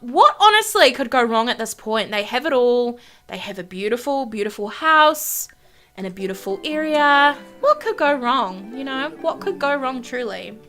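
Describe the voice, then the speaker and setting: A young woman giving casual, gushing let's-play commentary to her viewers. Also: a little high. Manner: gushing, excitable, chatty to viewers. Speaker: gaming YouTuber.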